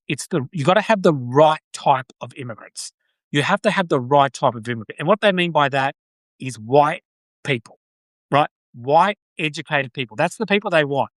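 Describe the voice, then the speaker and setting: A man from Brisbane, Australia, with an Australian accent and a fairly high, slightly bright voice hosts a live-stream podcast of political commentary on a dry recording. Speaking off the cuff, he restarts and repeats phrases and thanks viewers by name.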